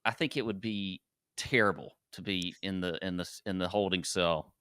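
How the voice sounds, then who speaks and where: A man's voice: low voice, normal speed, bright, forceful tone, smooth, dry recording, clean studio sound. A man co-hosting a podcast, chatting casually, rambling and laughing often. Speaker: podcast co-host. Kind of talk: casual chat.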